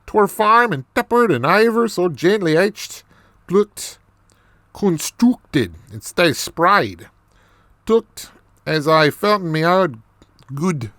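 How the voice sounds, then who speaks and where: A gruff older Irishman, now sober, spinning a tale in heavy dialect at an unhurried pace. A man voices him while reading a novel aloud, in a dry, close sound. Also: high-pitched, expressive, fairly bright tone, dry recording, pitched above the performer's own voice, heavily acted. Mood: awed. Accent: attempted Irish. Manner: thick dialect, storytelling brag. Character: gruff older male recovering drinker, boastful.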